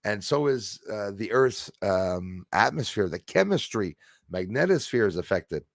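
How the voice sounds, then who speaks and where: Gravelly, rambling livestream host. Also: male voice, fairly low pitch, a little slow, no echo, clean studio sound. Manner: rambling, excitable, answers viewer chat aloud. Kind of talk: casual livestream chat.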